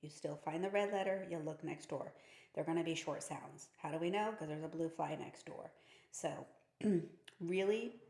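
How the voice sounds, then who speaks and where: A woman's voice: low-pitched, moderate pace, dark tone. A woman teaching phonics to teachers and parents, explaining patiently and upbeat with playful kid-friendly terms, asking questions and answering them herself. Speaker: reading teacher. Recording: echoey room.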